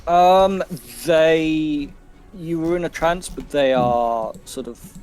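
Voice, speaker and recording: A man's voice: on the high side, takes it slowly, smooth, soft background music. A man running a tabletop game as game master, hesitant and full of fillers. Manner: hesitant, many fillers, fumbles with the software.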